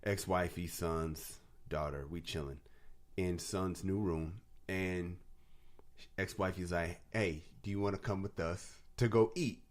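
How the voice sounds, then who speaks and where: A man with a fairly low voice co-hosts a relaxed podcast conversation. He spins stories with energy, slipping into the voices of the people he quotes and breaking into laughter along the way. He sounds like he is in his forties. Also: a little slow. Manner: animated storyteller, acts out quotes, laughs often. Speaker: podcast co-host. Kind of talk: casual chat.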